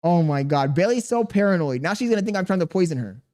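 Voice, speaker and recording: Male streamer in his thirties, a touch high-pitched, reads chat and vents, defensive and exasperated. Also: animated, quick pace, mellow. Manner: exasperated, defensive venting with slang. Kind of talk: live-stream chat reading.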